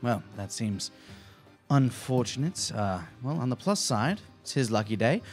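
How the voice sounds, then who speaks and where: A man at a tabletop game, his voice moving lively up and down. He makes dry, wry remarks as he plays. Faint music sits behind him. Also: mid-range voice, measured pace. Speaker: player.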